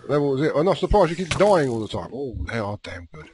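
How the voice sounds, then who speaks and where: A man talks his way through a game session in a loose, chatty style and keeps teasing the monsters on screen. His voice rises and falls a great deal and sits at a middle pitch for a man. A faint hiss runs under the recording. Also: big pitch swings, fast, darkish tone. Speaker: let's play host. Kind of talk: casual gameplay commentary.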